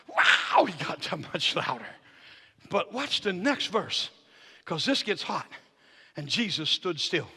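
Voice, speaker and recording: Male guest preacher, very lively pitch, folksy delivery, shouted highs, church reverb. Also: a little slow, gravelly, husky. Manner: swings from low intimate storytelling to shouted climaxes; folksy Southern-style phrasing with "ain't" and "y'all". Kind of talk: sermon. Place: church sanctuary.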